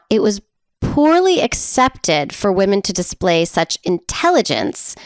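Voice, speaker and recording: A woman's voice: mid-range voice, no echo, clean studio sound. An American woman co-hosting a podcast, casually retelling a history with playful, chatty asides and frequent laughs. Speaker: podcast co-host.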